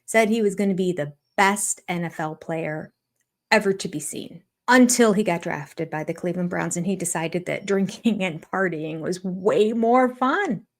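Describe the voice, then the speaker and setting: A woman's voice: lowish voice, normal speed. An older woman giving sarcastic, amused reaction commentary on a reality show, often laughing. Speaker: YouTube commentator.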